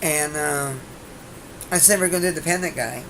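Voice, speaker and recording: A woman's voice: deep voice, moderate pace, fairly bright tone, a little hiss or hum. Brash rambling woman comedian. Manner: rambling, self-interrupting, brash jokes. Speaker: host and comedian. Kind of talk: rambling comedy talk show monologue.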